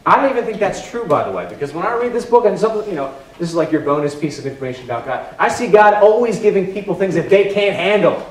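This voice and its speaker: A pastor preaching in a loose, conversational way, emphatic and quick to poke fun at himself. His voice sits a little high for a man. The room is echoey, with the mic some way off. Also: lively intonation, recorded from a distance. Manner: conversational, emphatic, self-deprecating. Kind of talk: sermon. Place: church.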